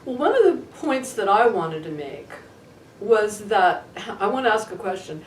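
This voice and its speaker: A woman's voice: medium pitch, big pitch swings, moderate pace, distant mic. A woman co-hosts a casual studio chat, voicing strong opinions and teasing her co-host. Her voice sounds set back from the mic in an echoing room. A faint ambient noise runs underneath. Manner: chatty, opinionated, playful teasing. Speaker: podcast co-host.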